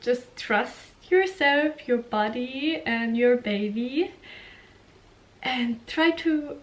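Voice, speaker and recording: A woman's voice: a little high, expressive, very slow. A young woman vlogger telling a personal story in a candid, chatty way, often laughing and acting out what people said. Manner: candid, giggly, acts out quotes. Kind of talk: casual storytelling vlog.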